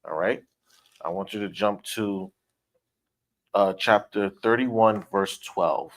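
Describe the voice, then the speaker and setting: A man's voice: fairly low pitch, fairly even intonation, takes it slowly. A man leading a Bible study in a teaching style, stressing and repeating his points and often checking in with "all right?".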